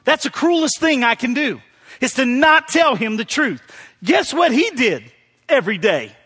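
A man's voice: very high voice, sing-song, moderate pace, a bit bright, slightly rough, in a large hall. A man preaching a sermon in a church service, talking conversationally and firing questions at the congregation. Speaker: pastor.

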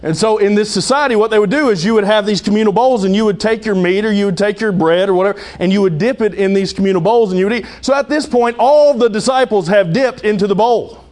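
Male pastor, sermon, slightly high voice, chatty preaching with jokes. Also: fast talker, hardly any pauses, a little mellow. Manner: conversational preaching with humor and dramatic asides.

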